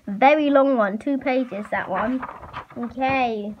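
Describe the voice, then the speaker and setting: Woman reading a story aloud, halting. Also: sits high, expressive. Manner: halting reading with many fillers and restarts. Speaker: reader. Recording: muffled lo-fi recording.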